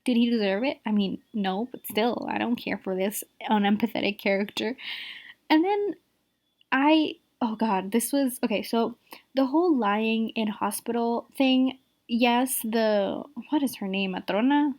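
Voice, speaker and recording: A woman with a high-ish, slightly mellow voice, a native Spanish speaker reviewing a show, rants casually and in exasperation. She talks rapidly, repeatedly using "like" and "the thing is".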